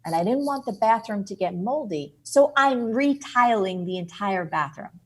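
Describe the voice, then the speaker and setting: Brief: a woman putting on a brusque, gritty older mom, husky and blunt. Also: mid-range voice, animated, moderate pace, close to an everyday voice. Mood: reassuring. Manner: blunt, matter-of-fact. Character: tough, no-nonsense older mother, brusque.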